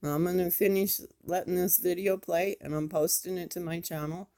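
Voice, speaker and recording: A woman's voice: fairly low pitch, fairly even intonation, normal speed, dark tone. A woman, speaking in an impassioned, scolding commentary vlog. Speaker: YouTube commentator.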